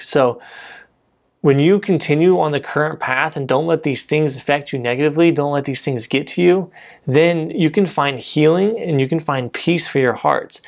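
Man preaching a casual sermon. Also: fairly high pitch. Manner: conversational, lots of "you know" and "like", frequent restarts.

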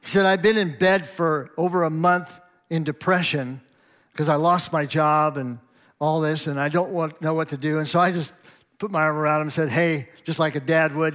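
A man's voice: a little high, moderate pace, a bit bright. A middle-aged pastor tells a sermon story in a slightly raised voice. He talks in a conversational, anecdotal way, chuckling now and then and acting out both sides of each exchange.

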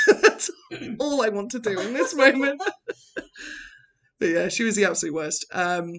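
A young woman from England co-hosting a podcast, telling animated stories and laughing often in casual chat. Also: mid-range voice, moderate pace. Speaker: podcast co-host.

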